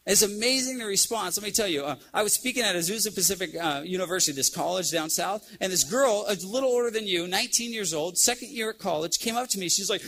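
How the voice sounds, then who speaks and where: A man's voice: sits high, fast talker, few pauses, bright, forceful tone. A man giving a storytelling sermon to a youth group, often restarting his sentences. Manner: storytelling, acts out quoted voices, restarts. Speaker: youth speaker.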